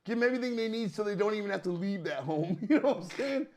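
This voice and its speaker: A man's voice: high voice, expressive, fast. A man co-hosting a podcast, talking bluntly and swearing freely in casual chat. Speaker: podcast co-host.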